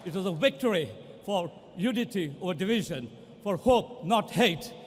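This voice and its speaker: High-voiced man giving a rousing victory speech. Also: animated, moderate pace. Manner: passionate, rousing, builds to shouts. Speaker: newly elected assembly member. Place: large election count hall. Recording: long reverb of a big hall.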